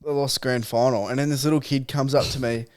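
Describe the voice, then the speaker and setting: A man's voice: medium pitch, steady tone, a little fast, a little hiss or hum. A young man retelling a story in blunt, swear-heavy podcast chat. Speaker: podcast co-host.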